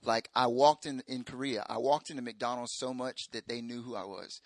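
A young man preaching a casual, joking sermon, acting out stories with high-pitched quoted voices. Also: moderate pace, dry recording. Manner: animated, jokey, acts out quotes in high voices. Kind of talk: sermon storytelling.

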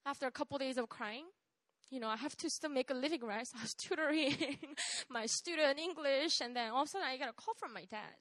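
A young woman, telling a personal testimony in an animated way, laughing often and checking in with "right?". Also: sits high, fast, dry recording. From South Korea. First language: Korean. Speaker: speaker sharing a testimony.

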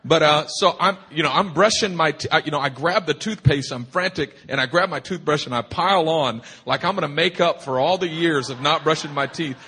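A man preaching at a church retreat, telling a humorous personal story in an animated, rambling way full of restarts. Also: fairly high pitch, brisk, few pauses, slightly rough. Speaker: pastor. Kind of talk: sermon storytelling. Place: retreat meeting hall.

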